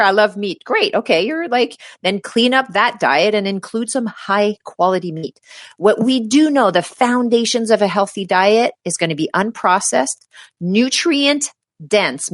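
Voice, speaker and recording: In a clean studio recording without room sound, a middle-aged woman speaks at a medium pitch. She is a healthcare provider appearing as an interview guest in a casual setting, offering animated, emphatic advice and acting out what her patients say.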